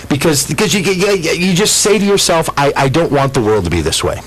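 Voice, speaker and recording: Middle-aged guy hosting a radio show, lively up-and-down voice, keeps restarting his sentences. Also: a little high, fairly quick, low-quality recording. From Minnesota. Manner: animated storytelling, frequent stammered restarts. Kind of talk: casual radio chat.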